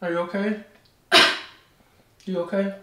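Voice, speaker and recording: A woman's voice: mid-range voice, little pitch movement, a little slow. A young woman talking casually, anxious and soothing, repeating herself. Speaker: vlog partner. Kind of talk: casual vlog chat. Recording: very echoey noisy room, mic far off.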